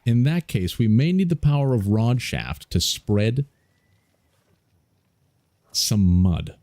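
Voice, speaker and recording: A man's voice: medium pitch, sing-song, slow, a little mellow, no room sound. A man streaming a strategy game, joking playfully and laughing often as he comments on his moves. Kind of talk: casual let's-play commentary.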